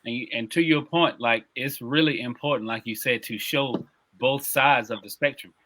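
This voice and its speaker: Man, bright forceful voice, easygoing affirming chat. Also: mid-range voice, moderate pace. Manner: affirming, conversational, laid-back. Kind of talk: casual conversation.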